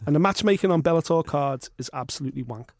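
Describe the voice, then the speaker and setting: Podcast host, man, high voice, animated sweary ranting, dry mic. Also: fast talker, dry recording. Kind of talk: casual chat.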